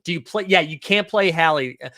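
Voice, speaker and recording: A man fires off quick, profane takes as he hosts a live stream and answers viewer questions. His voice sits a little high for a man. The recording is dry and close, with no room echo. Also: bright, forceful tone. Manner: fast-talking, says so himself; loose and profane, hedging picks aloud. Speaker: fantasy sports streamer host.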